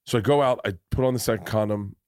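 A man's voice: on the low side, quick pace, darkish tone, dry recording, studio quality. A man hosting a podcast, telling a self-deprecating comic story with lots of restarts and laughter. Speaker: podcast host. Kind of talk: casual comedic storytelling.

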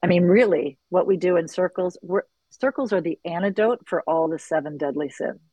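A woman's voice: on the low side, moderate pace, breathy edge, no room sound, dull audio. Middle-aged woman talking about leading circles, earnest and reflective, dry close mic. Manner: earnest, reflective, quotes others with animated bursts. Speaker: circle facilitator. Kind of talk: conversational interview.

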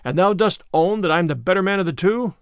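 A stout tanner, blunt and grim, who talks in old-fashioned words, as a male reader puts him on. The voice sits high, and the recording is dry. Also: lively intonation, fast talker, clean tone, dry recording. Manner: blunt, grim archaic speech. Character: bold stout tanner, adult man, grim.

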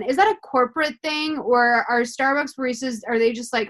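A woman's voice: high voice, a little fast, few pauses. A woman in casual conversation, asking rambling, curious questions with many fillers. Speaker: podcast co-host. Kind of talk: casual chat.

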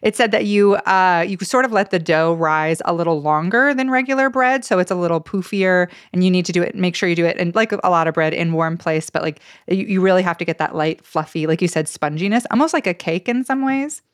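A woman's voice: lowish voice, fairly quick, hardly any pauses, no echo. Chatty podcast host woman, dry sound. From Idaho. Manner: chatty, often trails off with "like" and "uh". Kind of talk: casual podcast chat.

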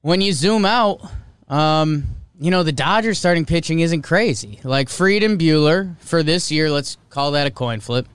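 Young guy talking baseball on his podcast, opinionated, smooth voice, dry sound. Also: on the high side, expressive, dry recording. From American North. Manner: chatty, opinionated, quick asides. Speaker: podcast host. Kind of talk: casual sports talk.

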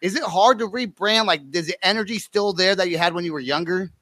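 A male podcast host with a high, bright voice asks chatty, rambling questions. The sound is close and dry, with no room around it. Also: brisk, no echo. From Northern California. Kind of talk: casual interview chat.

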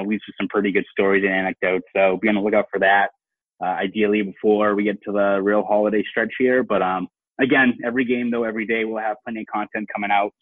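A fairly low-voiced man with a Boston accent, talking loosely and filling his sentences with "you know" as he chats about the game. His voice comes through a thin, phone-like line in a very dry sound. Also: no room sound. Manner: rambling, many fillers like "you know". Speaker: guest, sports reporter. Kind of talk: casual podcast chat.

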